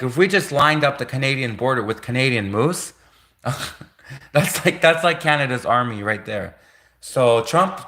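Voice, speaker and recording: Man, live streamer, casual monologue, rambling, repetitive, self-amused, mid-pitched. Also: bright, forceful tone. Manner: rambling and repetitive, laughs at his own jokes.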